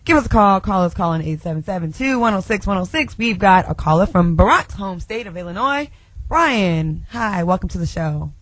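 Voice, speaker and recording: A woman's voice: mid-range voice, animated, a little fast, no echo. A woman hosting a radio talk show in a joking, casual manner, laughing often.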